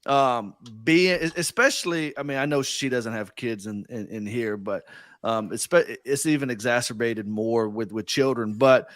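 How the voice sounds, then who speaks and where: Co-host, male, mid-pitched, dry close sound, earnest and halting. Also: fairly bright tone, no room sound. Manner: earnest, hesitant, with many restarts. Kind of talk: casual chat.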